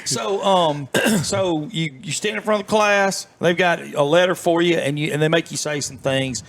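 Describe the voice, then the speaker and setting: Folksy middle-aged man, higher voice. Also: moderate pace, fairly bright tone. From southern United States. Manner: folksy, rambling, many fillers and restarts. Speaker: interview guest, former FBI agent. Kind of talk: storytelling in a casual interview.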